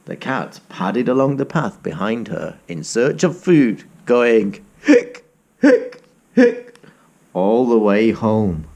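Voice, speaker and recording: Male teacher, picture book read-aloud, very slow, very lively pitch, interactive. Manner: animated, asks children to join in.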